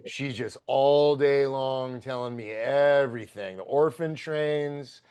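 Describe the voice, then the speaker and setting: Gravelly-voiced man telling a story. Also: medium pitch, slow. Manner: profane, excitable, rambling. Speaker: podcast guest. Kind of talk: casual storytelling.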